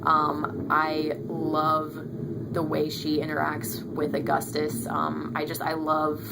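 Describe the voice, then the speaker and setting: A woman in her twenties talks through a book review in a casual vlog, thinking aloud and filling pauses as she goes. Her voice sits low, with a gravelly fry at the ends of her phrases. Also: completely flat delivery, very noisy. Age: 20s. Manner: chatty, thinks aloud with many fillers.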